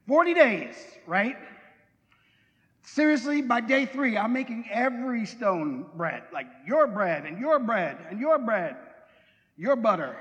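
A man with a fairly high voice preaches a relaxed, conversational sermon. He jokes and asks his listeners questions. The sound carries a long reverb from a church hall. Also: a little slow. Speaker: pastor.

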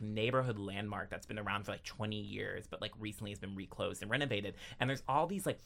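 A young man on a casual podcast, spinning playful anecdotes full of fillers. His voice swings widely in pitch and carries a bright, forward edge. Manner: animated, playful storyteller with many fillers. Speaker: podcast co-host. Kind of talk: casual storytelling.

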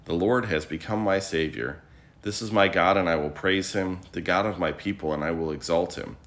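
A man reading morning prayer scripture aloud as a liturgy reader, in a measured, steady recitation. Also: low-pitched.

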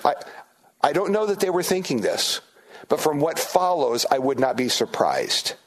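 A middle-aged man preaching a sermon as pastor, in a conversational, animated way, with frequent restarts and asides to the congregation. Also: fairly high pitch, normal speed. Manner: conversational, animated, acts out disciples' voices.

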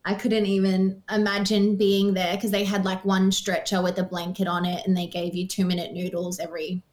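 A woman's voice: mid-range voice, normal speed. A young Australian woman telling a personal story in casual chat, full of "like" fillers. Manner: animated, frequent "like" fillers.

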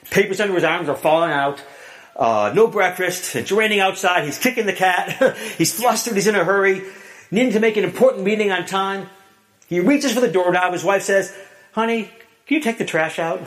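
A man preaching a sermon, telling a story with dramatic drops to a hush. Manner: storytelling, dramatic swings from booming to hushed.

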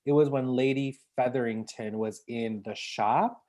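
A woman co-hosting a podcast, chatting casually about a TV show in an animated, rambling way full of fillers and restarts. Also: extremely low pitch, measured pace, crowd noise. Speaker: podcast co-host. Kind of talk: casual chat reviewing a TV show.

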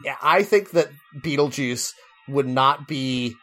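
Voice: medium pitch, slow pace, fairly bright tone, faint music behind. A podcast co-host in casual chat, making dry, wry remarks.

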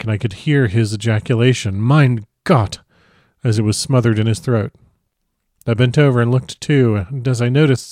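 A man narrating a classic novel as an audiobook, with a measured, expressive reading. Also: mid-range voice, dry recording, studio quality.

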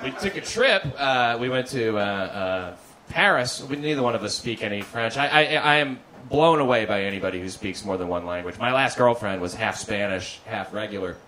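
A man doing a stand-up routine in a comedy club, deadpan and halting, stammering over his restarts. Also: on the low side, a little hiss or hum, poor audio. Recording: live club recording with audience laughter. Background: audience laughter.

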